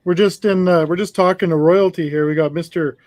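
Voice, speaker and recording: A man co-hosting a casual building stream with friends, telling stories in a joking, animated way. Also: high voice, brisk, dry recording. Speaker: stream co-host. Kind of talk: casual group chat.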